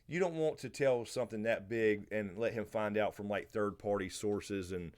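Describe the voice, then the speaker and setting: A man's voice: on the low side, normal speed. Laid-back Southern man hosting a livestream. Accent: American Southern. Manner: relaxed, rambling, answers chat by name. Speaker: livestream host. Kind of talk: casual live Q&A chat.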